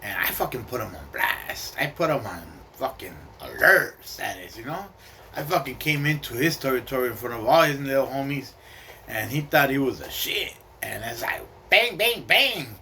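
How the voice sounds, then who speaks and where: A man's voice: mid-range voice, animated, moderate pace, pushed and bright, slight background noise. A man telling a personal story casually, streetwise and profane, with slang and Spanish words mixed in.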